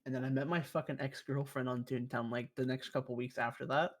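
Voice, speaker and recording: A man's voice: medium pitch, brisk. Young guy on a podcast telling a rambling story, swears a lot. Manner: profane, rambling, animated storyteller. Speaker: podcast guest. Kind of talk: casual storytelling chat.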